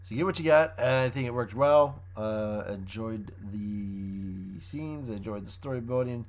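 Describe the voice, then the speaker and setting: A man's voice: lowish voice, unhurried. A man reviewing a show in a casual, rambling way, often restarting his sentences as he recaps the plot.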